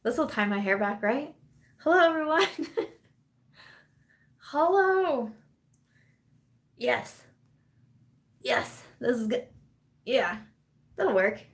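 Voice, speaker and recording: A woman's voice: a little high, very animated, slow, long pauses. Chatty young woman on a live stream. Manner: chatty and rambling, laughs often. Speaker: vlogger hosting a live chat. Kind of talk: casual live-stream chat. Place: at home in the evening.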